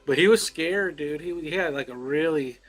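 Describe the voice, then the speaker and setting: A man's voice: on the high side, normal speed, a bit bright, soft background music. A man co-hosting a podcast, telling a playful story in casual chat, swearing and acting out voices. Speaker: podcast co-host.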